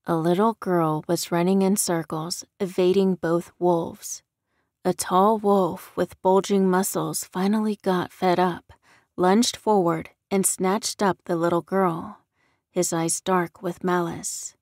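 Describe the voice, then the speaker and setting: A woman narrating an audiobook in a calm, measured storytelling manner. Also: lowish voice, no room sound, studio quality.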